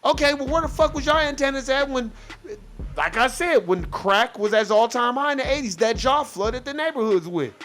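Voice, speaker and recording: High-pitched man ranting, profane and heated. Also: lively intonation, a little fast, a bit bright, a little hiss or hum. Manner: profane, heated, mocks others in quoted voices. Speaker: podcast host. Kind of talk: casual ranting commentary.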